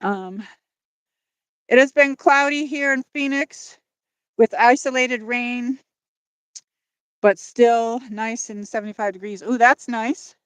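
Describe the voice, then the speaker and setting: A woman's voice: on the high side, steady tone, slow pace, pauses often, a bit bright, clear, resonant tone, no room sound. A woman hosting a livestream while walking outdoors by a lake, out of breath, rambling and apologetic as she talks to her chat through a phone on a gimbal. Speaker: livestream host.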